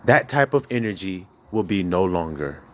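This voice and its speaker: A man's voice: deep voice, animated, moderate pace, slight background noise. A man preaching with passion, bluntly and profanely, firing rhetorical questions at his listeners. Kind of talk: preaching to a congregation.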